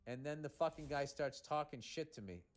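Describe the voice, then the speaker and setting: A man's voice: fairly high pitch, moderate pace. A man hosting a comedy podcast, reading a listener's letter aloud and breaking in with sarcastic, profane asides.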